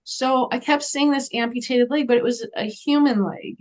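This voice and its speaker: A woman guest in an interview, telling a story in an animated way and acting out the voices of people she quotes. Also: fairly high pitch, moderate pace.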